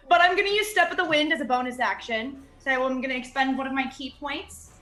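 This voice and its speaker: A woman plays a tabletop game and talks in an eager, chatty way. Her voice is bright and fairly high and echoes in the room. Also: fairly quick. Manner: excited, chatty. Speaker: player.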